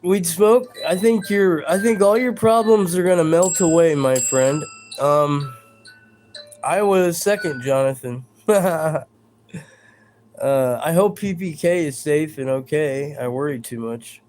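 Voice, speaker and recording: A man's voice: fairly high pitch, slow pace, darkish tone, faint music behind. A man hosting a live stream in a casual, rambling chat, reading out viewer comments and stumbling over his words in a self-deprecating way.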